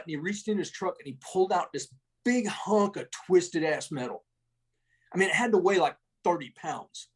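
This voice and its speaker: A man's voice: a little high, lively intonation, fairly quick, husky. A middle-aged man, an army veteran, telling war stories in a rambling, salty way, full of restarts and tags like "man" and "right?". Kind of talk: casual war storytelling.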